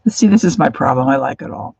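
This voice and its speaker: A woman casually chatting through a craft livestream from her home craft room, rambling and sometimes dropping into soft whispered asides. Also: very deep voice, animated, fast, gravelly, breathy edge, no echo.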